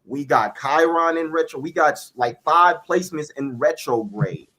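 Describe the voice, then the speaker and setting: A man's voice: fairly high pitch, normal speed, bright, forceful tone. A young man speaking earnestly as a guest in a spiritual conversation, repeating key phrases for emphasis.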